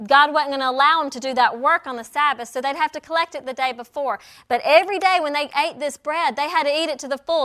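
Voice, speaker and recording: Woman preaching, high bright voice, animated storytelling. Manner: animated storytelling, acts out quoted lines. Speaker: Bible teacher. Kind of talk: sermon.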